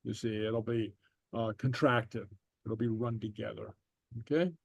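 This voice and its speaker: A man teaching a Gaelic class online, reading slowly and patiently with lots of fillers. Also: fairly low pitch, flat delivery, vocal fry, dry recording, studio quality. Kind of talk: online language lesson.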